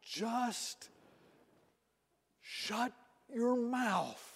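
A preacher acting out a stern divine voice from a cloud that gives blunt commands. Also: male voice, very high voice, lively intonation, extremely slow, husky, voice pushed up, exaggerated voice. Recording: reverberant hall, off-mic.

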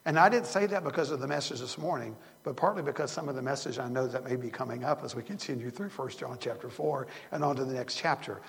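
A man's voice: medium pitch, fast, vocal fry, hardly any pauses, long reverb tail. An older man preaching a sermon as a pastor, earnest and rambling, often restarting his sentences. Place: church sanctuary.

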